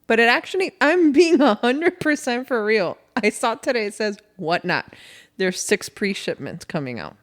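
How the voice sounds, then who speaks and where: Casting: woman podcast co-host, animated and rambling, lively pitch swings. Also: normal speed. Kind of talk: casual chat.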